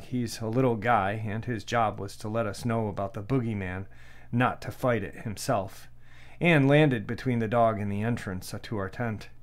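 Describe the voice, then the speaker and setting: A man narrating a listener's frightening encounter in a steady, measured storytelling voice. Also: mid-range voice. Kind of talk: scripted narration.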